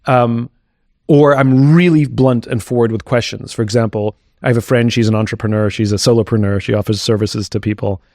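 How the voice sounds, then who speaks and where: A man's voice: medium pitch, fairly even intonation, fairly quick, darkish tone, dry recording. A man speaks candidly as a guest in a conversational interview, thinking aloud in a reflective, open way. His voice sits in an ordinary middle register, and the recording is dry and close with no room sound.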